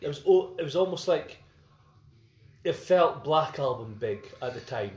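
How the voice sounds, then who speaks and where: A man in his forties co-hosting a casual music podcast, eager and quick to chime in and finish his partner's sentences. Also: fairly high pitch, animated, a little mellow. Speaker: podcast co-host. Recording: roomy recording.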